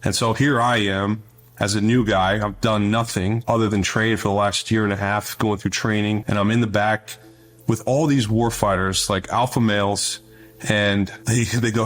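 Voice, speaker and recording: A man's voice: lowish voice, fairly even intonation, moderate pace, a bit bright. A middle-aged man, a former Navy officer, speaking as an interview guest, telling stories in an earnest, conversational way that often repeats words as he starts a thought. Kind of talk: interview storytelling.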